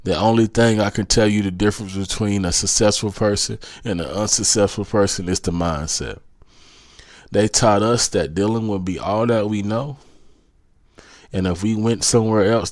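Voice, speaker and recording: A man's voice: on the low side, moderate pace, a little mellow, dry recording, studio quality. A man from South Carolina with a Southern accent, hosting a podcast and giving a preachy, motivational monologue that keeps repeating its urgings. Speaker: podcast host.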